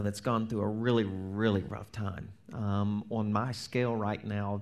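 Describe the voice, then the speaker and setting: A man preaching a sermon as pastor, animated, acting out quoted prayers and dropping to near-whispers. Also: fairly low pitch.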